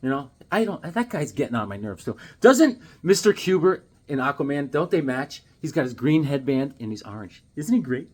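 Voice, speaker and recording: Husky, animated man showing off comics. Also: mid-range voice, normal speed, few pauses. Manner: animated, jokey, bursts of exclamations. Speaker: comic book vlogger. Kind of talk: casual show-and-tell vlog.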